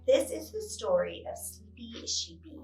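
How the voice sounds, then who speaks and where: A woman librarian recommending children's books, telling their stories in an animated way with frequent exclamations. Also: a little high, unhurried, vocal fry. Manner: animated storytelling, exclaims often. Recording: roomy echo, distant mic, faint guitar music.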